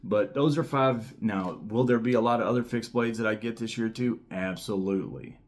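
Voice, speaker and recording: A man's voice: on the low side, normal speed. A man in his thirties hosting his own knife channel, talking casually to camera in a rambling, enthusiastic way with lots of fillers and repeated words. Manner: repeats key words for emphasis. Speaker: knife reviewer and channel host.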